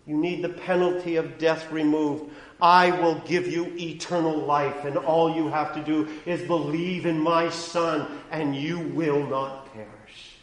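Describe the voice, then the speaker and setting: Man, pastor, sermon, slow delivery, roomy church echo. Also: on the high side, steady tone. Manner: preaching with sharp swings from hushed to loud.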